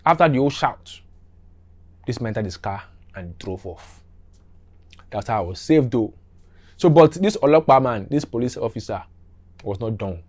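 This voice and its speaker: A middle-aged man tells a story from his youth in a loose, casual way. He is animated, repeats himself and acts out the scenes with sound effects and small asides. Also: mid-range voice, normal speed, pauses often.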